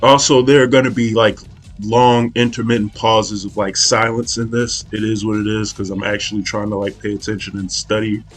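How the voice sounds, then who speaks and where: A man's voice: on the low side, flat delivery, normal speed, faint music behind. A young man casually talking through an art study, rambling and hesitant, with many fillers and restarts. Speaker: art channel host.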